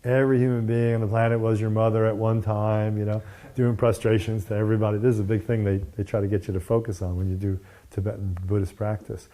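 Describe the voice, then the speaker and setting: A man's voice: lowish voice, flat delivery, quick pace, dark tone. A man giving a casual, digressive dharma talk as a meditation teacher, often tagging on "you know" and "right?".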